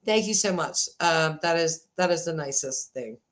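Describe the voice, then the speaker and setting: A woman's voice: deep voice, normal speed. A woman in her forties hosting a casual livestream chat, thanking viewers and talking at a desk microphone. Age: 40s. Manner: chatty, thanking viewers, swings between excited and subdued. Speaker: livestream host. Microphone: desk microphone, sometimes glitchy.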